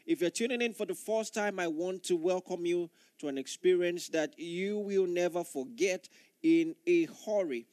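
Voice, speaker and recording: Speaking at a normal speed in a fairly high voice with a darkish tone, a male pastor delivers an earnest sermon, repeating phrases to press his points. The audio is dry and close, without any room echo.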